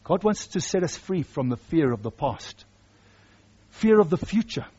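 Man preaching, high voice, husky, emphatic, repeats himself, dull lo-fi sound. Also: sing-song, moderate pace, dark tone. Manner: emphatic, repeats key phrases. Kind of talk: sermon.

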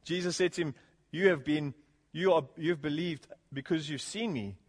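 A man's voice: fairly high pitch, normal speed, in a large hall. A man preaching a sermon, reading scripture and urging his congregation, whom he calls "folk". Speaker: pastor.

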